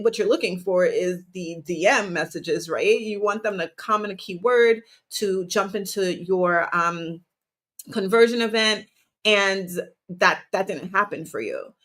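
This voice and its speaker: A woman's voice: mid-range voice, a bit bright. A woman hosting her own podcast as a business coach, talking energetically to listeners in a motivational style and often asking them questions. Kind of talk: motivational solo podcast talk.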